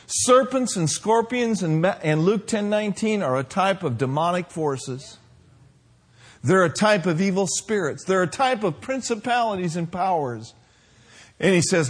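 A male preacher delivering a sermon, stretching out key phrases and building to forceful declarations. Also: high voice, animated, slightly rough. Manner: emphatic, drawn-out declarations, rising to shouts.

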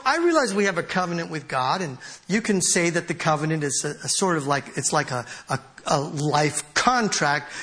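High-voiced animated male preacher. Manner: animated preaching, laughing, reading scripture aloud. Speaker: pastor. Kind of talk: sermon.

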